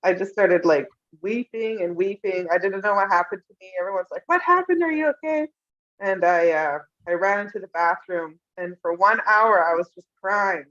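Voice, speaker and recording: A young woman recounting emotional personal memories in an interview, tender and often laughing softly. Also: fairly low pitch, steady tone, moderate pace, hardly any pauses. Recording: dull lo-fi sound.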